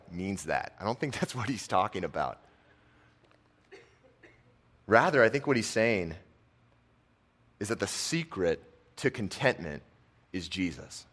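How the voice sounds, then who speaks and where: Man, lowish voice, relaxed sermon, chatty fillers, hushed emphasis. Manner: casual and conversational, many fillers, drops soft on key lines. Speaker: preacher and football coach.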